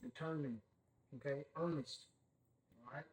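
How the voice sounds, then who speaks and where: Slow-talking Bible study teacher, man. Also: a little high, steady tone, low-quality recording. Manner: checks in with "okay?" constantly, asks the group questions.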